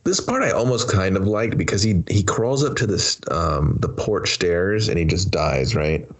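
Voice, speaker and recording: On a movie review podcast, a male co-host with a deep, husky voice rambles in a loose, laid-back way. He talks at a moderate pace with lively intonation, keeping the review chat casual.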